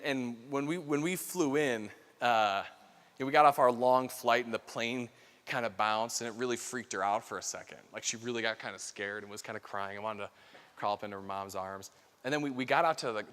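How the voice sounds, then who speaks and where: A man in his thirties with a medium-pitched, sharp-toned voice delivers an earnest conference keynote on a stage microphone. His talk is conversational and full of casual fillers. The large hall adds a long reverb.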